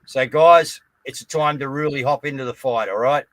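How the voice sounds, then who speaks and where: A man's voice: medium pitch, normal speed, dry recording. An Australian man hosting a live online news show, rallying his listeners and often checking in with "guys, all right?". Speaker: host.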